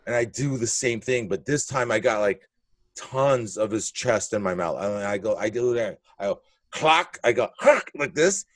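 A man's voice: fairly low pitch, moderate pace, dry recording. A male comedian telling a wild story in casual, blunt talk, swearing freely and acting out the moments. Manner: animated, blunt, profane storytelling with acted-out moments. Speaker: comedian guest.

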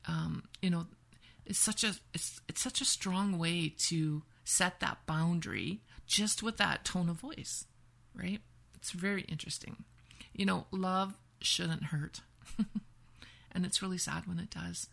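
A woman from Canada with a lowish, gravelly voice, speaking as a podcast guest who teaches women's empowerment. She talks through her points casually, leaning on "right?" and slipping into little acted-out example lines. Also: measured pace, a bit bright. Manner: explains with repeated "right?" and acted-out example phrases.

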